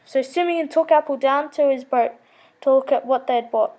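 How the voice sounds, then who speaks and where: A woman's voice: sits high, normal speed, a little mellow. A woman reading a children's story aloud, with small slips and self-corrections.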